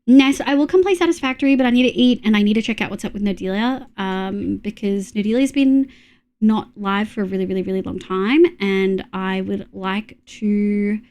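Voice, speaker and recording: A woman with an Australian accent chatting casually with her live-stream audience, reading chat messages and making quick asides. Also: medium pitch, a little mellow, clear, resonant tone.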